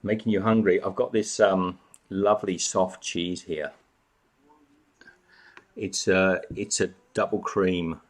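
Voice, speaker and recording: A man's voice: deep voice, fairly even intonation, slow pace, long pauses. A man hosting a casual live chat from home, greeting viewers by name and snacking as he talks. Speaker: live stream host.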